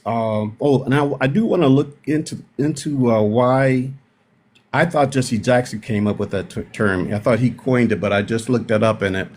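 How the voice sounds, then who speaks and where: A middle-aged man from Milwaukee tells personal stories on a discussion panel, unhurried and reflective, often pausing to restart his sentences. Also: fairly low pitch, darkish tone. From Milwaukee, United States. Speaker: panel participant.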